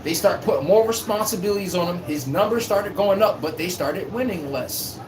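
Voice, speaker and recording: A man's voice: high voice, animated, moderate pace. A man hosting a casual sports live stream, reading chat and trash-talking in a brash, playful way, recorded on a phone. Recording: echoey room with faint hum.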